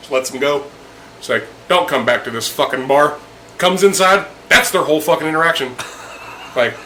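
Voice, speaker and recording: A man's voice: medium pitch, bright, forceful tone, slight background noise, low-quality recording. A young man casually telling a profane story over drinks, acting out the people in it. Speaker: podcast host.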